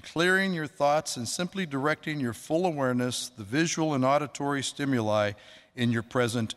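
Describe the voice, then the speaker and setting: A man's voice: on the high side, a bit bright. A man preaching a sermon as pastor, in a conversational, chatty manner with asides to the congregation. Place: church sanctuary. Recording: long hall reverb.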